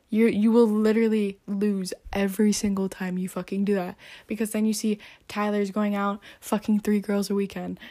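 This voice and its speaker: A woman's voice: medium pitch, warm tone. A teenage girl giving blunt, profane dating advice in a casual rant. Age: teens. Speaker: vlogger.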